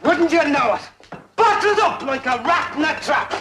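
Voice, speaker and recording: A cantankerous old Irish playwright. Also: male voice, very high voice, animated, moderate pace. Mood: grumbling. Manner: indignant, blustering, stage Irish. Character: cantankerous bearded Irish playwright on the run, stubborn. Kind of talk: 1960s television drama. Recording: noisy old TV soundtrack.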